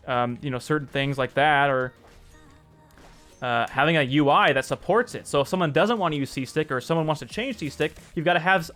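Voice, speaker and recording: A man's voice: on the high side, a bit bright. A man streaming and showing off his own game, chatting in an upbeat way and thanking viewers by name. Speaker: streamer and indie game developer. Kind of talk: casual live-stream commentary.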